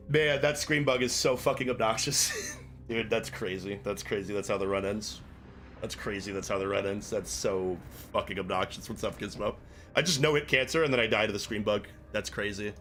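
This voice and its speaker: A man's voice: lowish voice, a bit bright. A man streaming a game live, swearing in frustration and chatting with his viewers. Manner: profane, exasperated, chatting with viewers. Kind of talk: live gameplay commentary.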